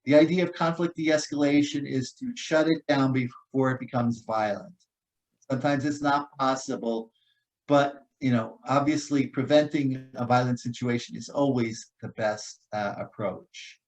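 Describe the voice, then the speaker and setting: A man's voice: mid-range voice, rough recording. A man giving an informal safety talk in a loose, conversational way, full of fillers and restarts. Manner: casual, many fillers and restarts. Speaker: guest speaker on personal safety.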